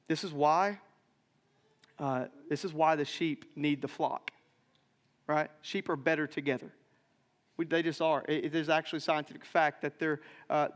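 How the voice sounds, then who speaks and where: A man with a high voice preaches to a church congregation in an animated storytelling manner, tossing in "right?" again and again. His voice rings out with the long reverb of a large hall. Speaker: pastor. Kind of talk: sermon. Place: church sanctuary.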